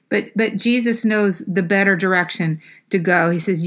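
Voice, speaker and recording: A woman's voice: mid-range voice, moderate pace, few pauses, a bit bright. A woman preaching a sermon in a conversational way, with frequent fillers and restarts.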